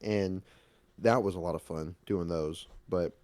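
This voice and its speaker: A man with a lowish voice chats casually as a podcast co-host. He rambles and restarts his sentences. The sound is dry and close, with no room echo. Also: fairly even intonation, darkish tone. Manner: rambling, halting, laughs often. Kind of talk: casual chat.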